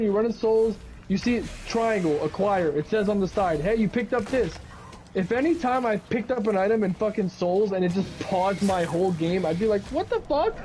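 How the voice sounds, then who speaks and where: A young man talks loosely over gameplay, swearing and leaping into high, squeaky mock quotes. His voice sits high but soft and mellow in tone. A faint hum of noise sits under the recording. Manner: animated, swears freely, quotes himself in sudden high outbursts. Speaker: co-host of a gaming video. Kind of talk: casual gaming chat.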